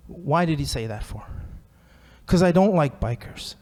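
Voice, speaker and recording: A man's voice: fairly high pitch, animated, a little slow, darkish tone. A man sharing his recovery story at a meeting, chatty and self-deprecating, laughing often. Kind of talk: personal story at a recovery talk.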